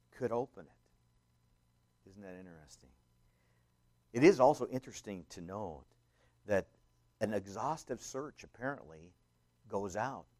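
A man preaching a sermon, emphatic and swelling loud on scripture, with many fillers and restarts. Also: on the low side. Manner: rambling with frequent fillers and restarts. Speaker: pastor.

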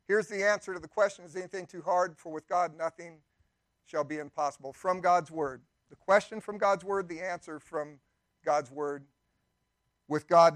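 An older man preaching a sermon in a church, talking to the congregation like a conversation and slipping into quick acted-out quotes. His voice sits high for a man, and the sound is dry and close, with no room echo. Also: fairly bright tone. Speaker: pastor.

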